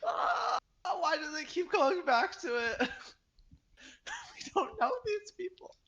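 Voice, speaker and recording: A man's voice: very animated, takes it slowly, bright, forceful tone, muffled recording. A man co-hosting a podcast, chatting casually and sounding exasperated and amused. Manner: exasperated and laughing, jumps high in pitch when amused. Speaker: podcast co-host reviewing webcomics. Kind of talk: casual chat.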